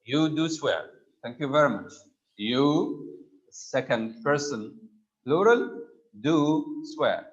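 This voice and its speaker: A man's voice: mid-range voice, very animated, slow, highs cut off. A man teaching a grammar class online, patiently prompting students by name for answers.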